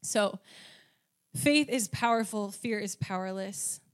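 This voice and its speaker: A Christian woman gives a casual teaching on faith, speaking conversationally with lots of "like" and "um." She often checks in with "right?" and "okay?", and her mid-range voice is slow.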